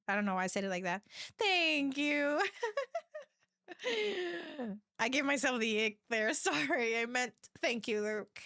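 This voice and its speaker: A giggly woman streamer chats with her viewers and reads their messages aloud. Her voice is bright and fairly high. The sound is dry and close. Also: big pitch swings, measured pace, no room sound. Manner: giggly and chatty, laughs often. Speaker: livestreamer. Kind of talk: casual chat with a live audience.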